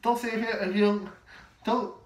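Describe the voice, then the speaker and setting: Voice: medium pitch, fairly even intonation, normal speed, natural voice. A performer voicing a pushy character who keeps calling everyone "mate" and stammers through restarts. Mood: pestering. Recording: echoey room, distant mic, faint noise.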